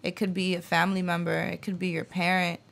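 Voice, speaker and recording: A woman's voice: on the low side, little pitch movement, quick pace, creaky, a bit bright. A woman in her late twenties, a guest author and poet, talking earnestly in an interview and reading her spoken-word poetry. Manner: earnest and reflective, frequent fillers.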